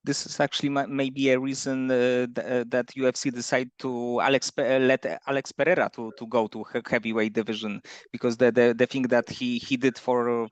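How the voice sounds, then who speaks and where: A man's voice: medium pitch, no echo. Interviewer guy stumbling thru his questions, dry close sound. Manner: halting, many restarts and stumbles.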